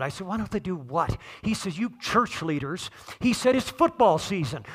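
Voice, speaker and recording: A middle-aged man preaching a sermon, conversational and joking, rising to shouts on key points. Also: high-pitched, very animated, normal speed, few pauses, slightly rough. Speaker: pastor.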